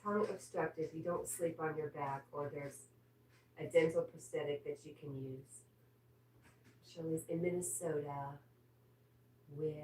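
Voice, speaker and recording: A woman's voice: sits low, fairly even intonation, measured pace, long pauses, darkish tone. A woman hosting a casual livestream from home, reading viewer comments aloud and chatting back. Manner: reads viewer comments aloud, breaks off to scold her dog. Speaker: livestream host reading chat. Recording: roomy echo, distant from the mic, faint ambient noise.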